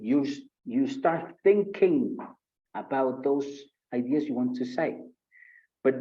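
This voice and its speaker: A man from Colombia with a Paisa accent, giving a live online IELTS speaking lesson and acting out sample answers in an animated way. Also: normal speed, highs cut off. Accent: Colombian Spanish, Paisa. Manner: animated, acts out sample answers with shifting pitch. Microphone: video call.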